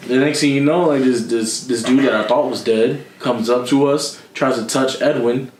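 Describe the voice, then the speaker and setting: Young guy, mid pitch, slangy storyteller who laughs a lot; echoey room. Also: fairly even intonation, moderate pace, slight background noise. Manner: laughing often, slangy, acting out voices of others. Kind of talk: casual storytelling chat.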